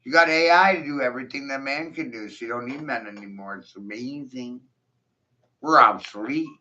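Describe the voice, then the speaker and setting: A man's voice: medium pitch, moderate pace, sharp tone. A man in a profane, mocking rant, taunting his listeners and breaking into scornful laughs. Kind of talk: ranting monologue. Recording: dull lo-fi recording.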